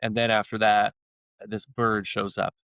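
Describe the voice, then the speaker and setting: A man's voice: fairly low pitch, level tone, unhurried, gravelly, a bit bright, smooth, no echo. A man, a podcast guest, retelling stories in a rambling, casual way with many restarts. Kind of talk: casual storytelling chat.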